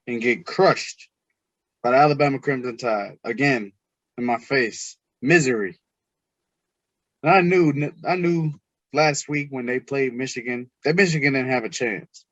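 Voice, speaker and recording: A man hosting a casual sports podcast, talking in an animated, teasing way. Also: mid-range voice, a little slow, no echo, highs cut off. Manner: animated, teasing, mimics others' voices. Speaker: podcast host.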